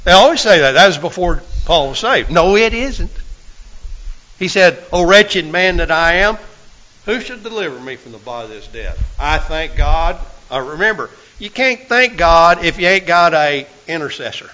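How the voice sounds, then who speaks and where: A man preaching a sermon, folksy and full of rhetorical questions, swinging from loud to hushed. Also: a little high, lively intonation, normal speed, rough recording.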